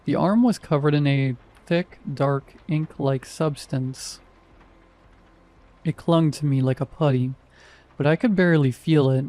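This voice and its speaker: Mellow-voiced man narrating horror. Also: a little high, a little slow.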